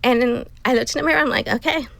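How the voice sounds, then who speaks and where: Woman, middle-aged, gravelly, earnest storyteller, dry sound. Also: high voice, fast, fairly bright tone, dry recording. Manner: emotional, earnest storytelling with acted self-talk. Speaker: guest. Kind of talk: personal story in a casual interview.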